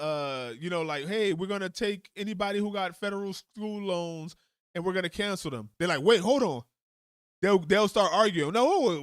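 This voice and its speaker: A high-pitched man rants through his political commentary on a livestream, flipping into mocking voices for the politicians he imitates. The sound is dry and close to the mic. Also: a bit bright, smooth, no echo.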